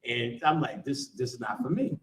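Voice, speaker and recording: A man's voice: mid-range voice, normal speed. Man, storyteller at a live talk, profane and laughing, roomy echo. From United States. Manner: profane, laughing, animated with quoted voices. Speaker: lecturer telling a family story. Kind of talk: casual storytelling to a live audience. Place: lecture room. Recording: roomy live lecture room.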